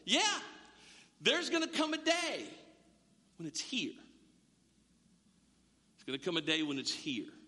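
A man preaching a sermon as pastor, conversational and humorous, telling the story with animated asides. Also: high-pitched, unhurried, pauses often. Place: church sanctuary. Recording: long echo of a large hall.

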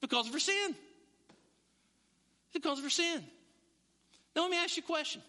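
High, bright-voiced man preaching. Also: normal speed, in a large hall. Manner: animated preaching, acts out listeners' voices. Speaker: pastor. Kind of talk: sermon.

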